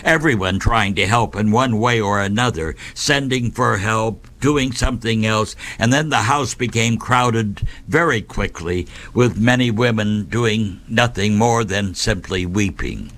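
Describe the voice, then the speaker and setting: A man narrating a saint's life story in a measured, deliberate way, with dramatic pauses. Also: fairly low pitch, fairly bright tone.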